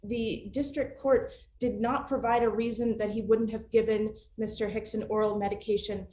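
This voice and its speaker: Halting woman lawyer, echoey room. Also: fairly high pitch, steady tone, dark tone. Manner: hesitant, many restarts and fillers. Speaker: appellate attorney. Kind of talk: remote oral argument.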